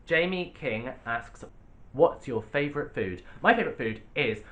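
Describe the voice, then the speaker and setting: A man's voice: medium pitch, animated, measured pace, a bit bright. A young man, a drag artist, answering fan questions in a casual vlog, playful and sassy with cheeky jokes. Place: home, sitting on a sofa.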